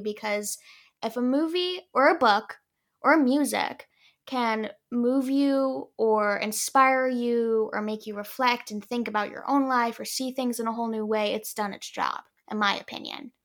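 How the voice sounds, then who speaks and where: A woman's voice: a little high, normal speed. A young woman, a guest actress, chatting earnestly and thoughtfully on a podcast and laughing easily. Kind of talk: casual podcast chat.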